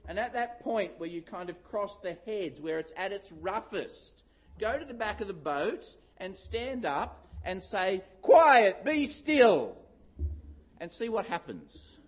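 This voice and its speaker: Middle-aged aussie guy preaching, storytelling, kinda high voice, dull lo-fi sound. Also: measured pace. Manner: storytelling, animated with acted-out shouts. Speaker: pastor. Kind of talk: sermon.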